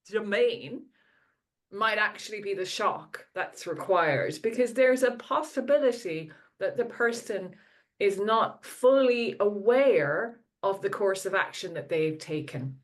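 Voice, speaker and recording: A woman host talks through practical advice in a calm, direct way. Her voice sits at a middle pitch. She speaks in an easy conversational tone. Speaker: podcast host.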